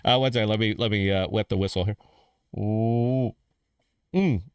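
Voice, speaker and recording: A man's voice: lowish voice, moderate pace, slight background noise. A man hosting a casual live stream from in front of a green screen, rambling and repeating himself, calling people "dude" and "man". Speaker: podcast host.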